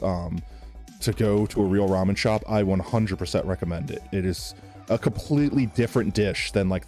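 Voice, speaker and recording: Man, slight Southern accent, very low voice, rambling streamer chat, faint music behind. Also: darkish tone. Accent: Southern US tinged. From New York. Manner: rambling, filler-heavy, chatty. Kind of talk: casual chat while gaming.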